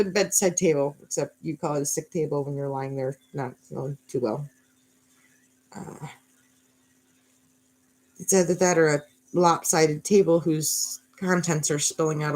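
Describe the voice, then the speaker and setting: Speaking at a moderate pace in a lowish voice, a woman in her thirties narrates a fairy tale as a bedtime story, wandering off-track with wry, sarcastic commentary.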